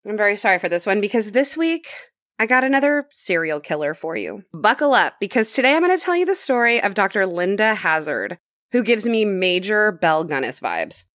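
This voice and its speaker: A woman hosting a podcast in a casual, chatty way, laughing often. Her pitch swings widely as she talks. The recording is close and dry, with no room sound. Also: big pitch swings, brisk, a bit bright, dry recording. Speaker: podcast host. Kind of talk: casual chat.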